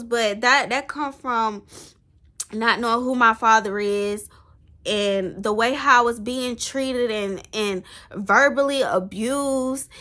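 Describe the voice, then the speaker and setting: A woman's voice: fairly high pitch, pushed and bright. A young woman, talking earnestly to the camera in a rambling, emotional personal vlog. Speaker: vlogger.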